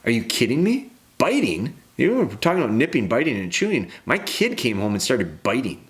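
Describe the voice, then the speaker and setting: A man's voice: mid-range voice, sing-song, a little fast. A man in his thirties hosting a dog-training podcast, ranting bluntly and emphatically, with restarts.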